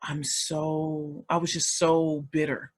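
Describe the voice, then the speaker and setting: A woman's voice: deep voice, little pitch movement, slow pace, breathy edge. A woman in her forties from the St. Louis area, telling her life story as an emotional, emphatic interview guest. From St. Louis area, United States. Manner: emphatic and emotional, with many repeats. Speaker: guest, speaker.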